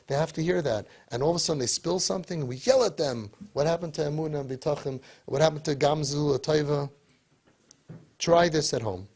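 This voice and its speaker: Husky-voiced man giving an animated talk. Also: mid-range voice. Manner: animated, repetitive, rhetorical questions. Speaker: speaker to parents. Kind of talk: motivational talk.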